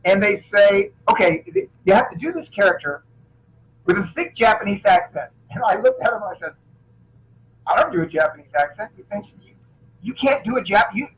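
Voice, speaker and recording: A middle-aged man with a high voice and a lively, swooping delivery tells stories as a guest in a casual interview. He is an action film actor who keeps restarting his sentences, his pitch leaping up and down as he goes. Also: a little fast, low-quality recording. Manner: animated anecdotes, frequent restarts.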